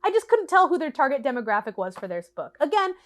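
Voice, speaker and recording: A woman's voice: sits high, fast talker. Sarcastic woman in her late twenties. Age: late 20s. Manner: sarcastic, animated, acts out quotes. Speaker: vlogger. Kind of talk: casual review rant.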